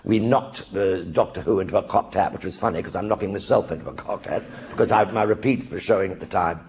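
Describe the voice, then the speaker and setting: Older male actor, low voice, animated one-man-show storyteller who mimics the people in his stories. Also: quick pace, a little hiss or hum. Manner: animated raconteur acting out other people's voices. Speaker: actor telling stories on stage. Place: theatre stage before a live audience.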